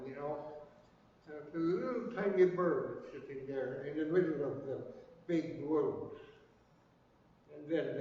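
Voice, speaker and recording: An older man telling a traditional story to a class in a library room, slow and halting with many pauses. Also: on the high side, darkish tone. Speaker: language class elder and storyteller. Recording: echoey hall, distant dull mic, faint noise.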